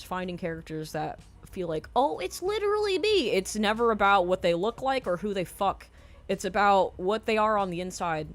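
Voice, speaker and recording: A young woman streamer ranting on a live stream. She swears constantly and fills her talk with ums. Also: fairly low pitch. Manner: profane, escalating rant with frequent ums.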